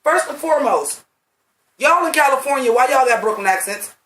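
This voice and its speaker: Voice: high-pitched, lively intonation, brisk, a bit bright. A blunt, profane movie reviewer in their late thirties, talking in a rambling, emphatic, casual way. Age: late 30s. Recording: roomy sound from a distant mic.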